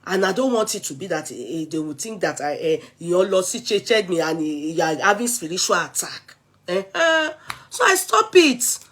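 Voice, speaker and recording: A Nigerian woman vlogger in an animated, chatty rant, switching freely between English, Yoruba and pidgin. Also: fairly low pitch, moderate pace.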